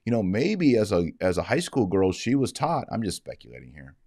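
Low-voiced man giving earnest moral commentary. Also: wildly swooping pitch, a little fast, few pauses, warm tone, no echo, clean studio sound. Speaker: Catholic commentator. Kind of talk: livestream commentary.

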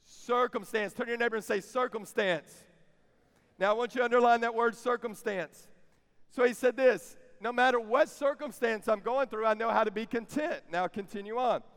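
High-voiced preacher in a hall. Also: male voice, normal speed. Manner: call-and-response with audience, building to shouts. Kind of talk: sermon. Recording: long reverb of a big hall.

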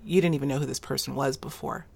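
Woman, low voice, probing interviewer, thinking aloud. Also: steady tone, fast, vocal fry, a little mellow, slightly rough.

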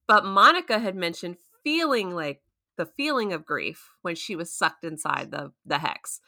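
Bright-voiced woman recapping with gusto. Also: fairly low pitch, moderate pace, vocal fry. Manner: animated storytelling, acting out quotes with voice shifts. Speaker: podcast co-host recapping a TV episode. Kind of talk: casual chat.

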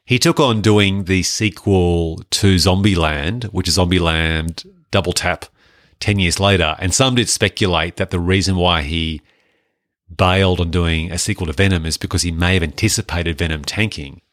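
A man's voice: sits low, moderate pace, no room sound, clean studio sound. A man co-hosting a podcast, chatting casually and jokily about films. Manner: chatty, animated, jokey. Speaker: podcast co-host. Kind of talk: casual film review chat.

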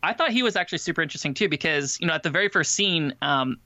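Fast-talking, gravelly man. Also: fairly high pitch, animated, pushed and bright, dry recording. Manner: chatty, quick, full of fillers and restarts. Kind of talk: casual film discussion.

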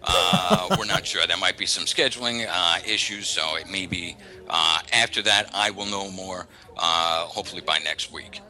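A man who works as a voice talent agent, talking frankly in a casual interview and acting out callers in quick asides. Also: low voice, animated, bright, forceful tone. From New York area. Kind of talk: candid casual interview talk.

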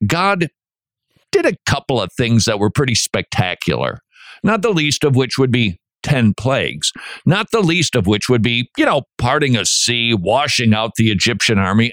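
Animated preachy male radio host. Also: medium pitch, no echo. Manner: animated, preachy, acts out quotes with voices.

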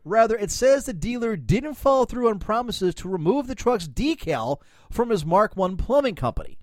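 A man's voice: high-pitched, sing-song, moderate pace, dry recording, clean studio sound. A man hosting a comedic news podcast, rambling casually, joking and reading stories aloud. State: coughing, lungs bothering him. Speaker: podcast host.

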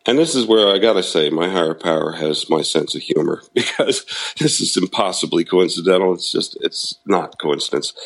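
In a low-quality recording, a low-voiced middle-aged guest openly recounts his recovery, being self-deprecating and laughing at himself from time to time.

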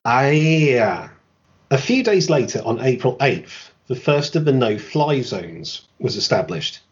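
Dry-witted man narrating history, lively pitch. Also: unhurried, lo-fi sound. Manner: dry, sarcastic asides. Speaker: podcast host. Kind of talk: scripted history narration with asides.

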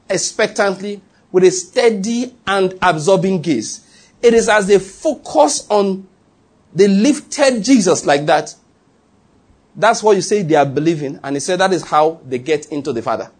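Man, high voice, preacher, sermon, reads scripture, slows for emphasis. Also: a little mellow. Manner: reads scripture aloud and explains it, slowing to stress key phrases.

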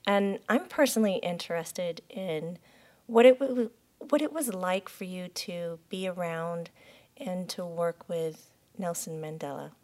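A woman hosting an interview, soft-spoken and quick to react to her guest. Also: on the low side. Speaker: host.

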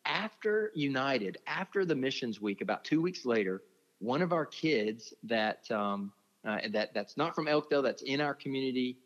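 A man with a drawl tells ministry stories in an earnest, feeling way, often dropping in "man" as he talks. His voice sits at an ordinary middle pitch. The audio is muffled and lo-fi. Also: animated, moderate pace, long reverb tail. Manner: heartfelt, speaks with feeling, says "man" often. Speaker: ministry leader, interview guest. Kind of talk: earnest conversational storytelling. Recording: dull lo-fi audio.

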